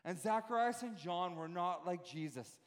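A man preaching a sermon as pastor, animated and full of rhetorical questions, often repeating words as he goes. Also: high-pitched, normal speed. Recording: echoey hall reverb.

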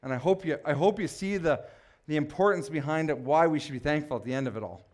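A man preaching a sermon, building to passionate shouts and breaking off for joking asides. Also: on the high side, fast talker. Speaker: pastor.

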